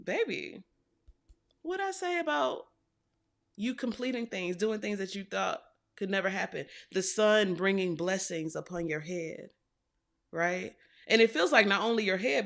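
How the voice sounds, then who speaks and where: A woman's voice: medium pitch, animated, moderate pace, vocal fry. A woman doing a casual tarot reading for viewers, chatty and affectionate, repeating phrases for emphasis. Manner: chatty and affectionate, addresses viewers as y'all and baby. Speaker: tarot reader.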